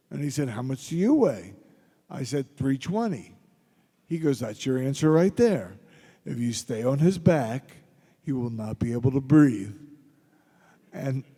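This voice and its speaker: A man's voice: a little high, mellow. Middle-aged man telling stories in a big hall. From Philadelphia. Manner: gruff, joking anecdotes addressed to the crowd. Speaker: convention panel guest. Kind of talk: audience Q&A storytelling. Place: large convention hall. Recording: long hall reverb.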